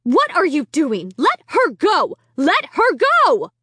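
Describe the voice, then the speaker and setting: A woman's voice: high voice, big pitch swings, unhurried, no room sound, studio quality, full character voice. A woman reading aloud, voicing a young mother who is impatient and insistent. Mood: impatient, frantic. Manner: insistent, rising to frantic.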